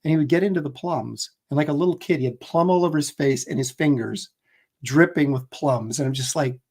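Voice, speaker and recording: A man's voice: a little high, fairly quick, a little mellow. A man hosting a casual livestream chat, telling rambling, jokey stories. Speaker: host.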